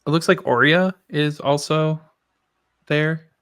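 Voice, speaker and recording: A man's voice: fairly high pitch, slow pace, smooth. A man talking casually on a tech podcast, chatty and self-deprecating. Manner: chatty, self-deprecating, quotes people in lively voices. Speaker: podcast host.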